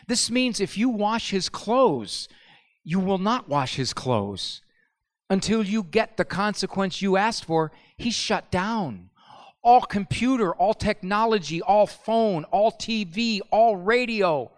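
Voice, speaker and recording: Middle-aged male speaker, lively storyteller, slightly high voice, long hall echo. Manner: animated storyteller, acts out family voices. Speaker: speaker at a parenting talk. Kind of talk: humorous live talk.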